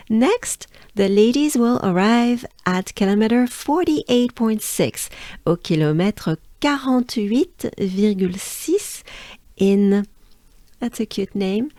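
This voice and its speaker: A woman's voice: lowish voice, a little mellow, dry recording. A woman from France with a French accent, teaching pronunciation patiently, drilling each sound several times and inviting the listener to repeat. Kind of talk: slow, drilled pronunciation lesson.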